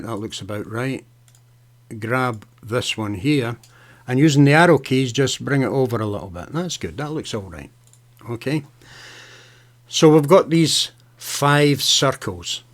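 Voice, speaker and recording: A man hosting a live software tutorial, chatting casually as he clicks through steps, often saying "okay" and "right". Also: mid-range voice. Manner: casual, talks to viewers by name, fillers and okays. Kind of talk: live screen-share tutorial.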